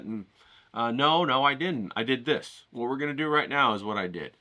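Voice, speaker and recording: A man's voice: medium pitch, a little fast, bright, forceful tone. A man hosting a painting vlog, talking in a rambling, enthusiastic way with lots of fillers and casual swearing. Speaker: painting channel host. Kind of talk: casual motivational vlog talk. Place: home in the desert.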